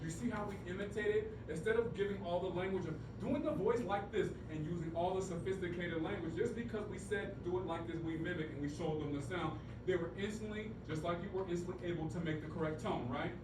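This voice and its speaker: A man presenting a choir teaching workshop, energetic and coaxing, leading the group through call-and-response singing. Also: high voice, brisk, hardly any pauses, background noise. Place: large conference room. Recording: echoey room, voice from far off, music behind.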